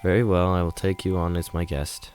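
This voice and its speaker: A man's voice: low voice, flat delivery, a little fast, darkish tone, faint music behind, lightly acted. A man reading a visual novel aloud, voicing an aloof, disdainful mnemonicide in a stiff, formal and curt manner. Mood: cold. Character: young woman, cold aloof Mnemonicide, disdainful.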